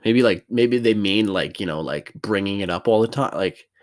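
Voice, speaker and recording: A man's voice: on the low side, moderate pace. A man vlogging from his bedroom in a loose, rambling monologue, swearing freely and cracking self-mocking jokes.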